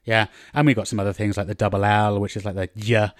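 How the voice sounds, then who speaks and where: A man's voice: fairly low pitch, little pitch movement, quick pace, no room sound, clean studio sound. A man giving a casual spoken lesson as a language coach, talking loosely with many fillers and restarts. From England.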